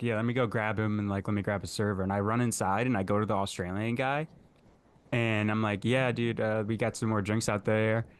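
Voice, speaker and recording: A young man in his twenties co-hosting a podcast, telling a story in a laid-back, slangy, profane way while hungover. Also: fairly low pitch. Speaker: podcast co-host. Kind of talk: casual chat.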